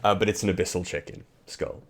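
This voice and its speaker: Man, very low voice, game master, tabletop narration, rambling asides. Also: little pitch movement, fast, a crowd in the background.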